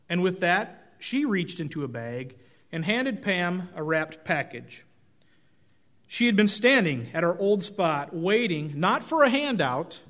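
A man's voice: fairly high pitch, big pitch swings, unhurried, a bit bright. A middle-aged male pastor giving a conversational, self-deprecating sermon with folksy storytelling.

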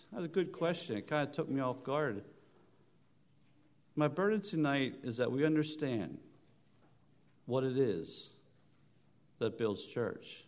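A man preaching a sermon in church, telling stories with halting restarts, rising loud on his points and then dropping soft. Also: medium pitch. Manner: halting restarts and repeated words.

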